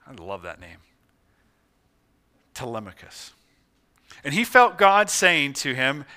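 A male pastor preaching a sermon as a dramatic story, dropping to a hush and then rising loud. His voice is high and very bright, with a smooth, ringing clarity.

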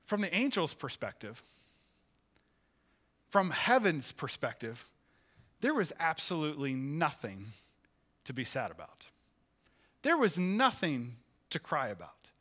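Male pastor, sermon delivery, expressive storyteller, bright tense tone. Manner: expressive, pitch rises for acted quotes. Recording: church sanctuary, live sermon.

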